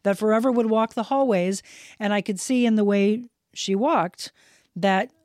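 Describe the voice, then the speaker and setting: A woman's voice: medium pitch, normal speed, darkish tone, dry recording, clean studio sound. A woman guest on a podcast, telling a heartfelt personal story in casual chat, earnest and sincere.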